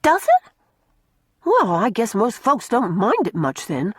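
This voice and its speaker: A woman's voice: on the high side, huge pitch swings, slow pace, slightly rough, no room sound, studio quality, pitched above the performer's own voice, exaggerated voice. Woman voicing scrappy orphan girl Mary. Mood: blunt. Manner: folksy rural slang, bold and scrappy. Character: rough, blunt orphan girl, quick-tempered.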